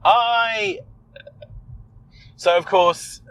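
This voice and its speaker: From inside a car, a man co-hosts a podcast and chats casually about a film he watched, swearing when something startles him. He speaks extremely slowly in a high-pitched, slightly bright voice, captured on a low-quality recording.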